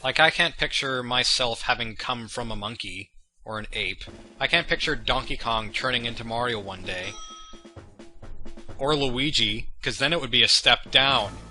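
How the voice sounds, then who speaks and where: A man's voice: mid-range voice, normal speed, bright, forceful tone. A young man giving meandering, self-deprecating commentary over gameplay, drifting into chatty tangents. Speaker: let's play commentator. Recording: game music under the voice. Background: game music.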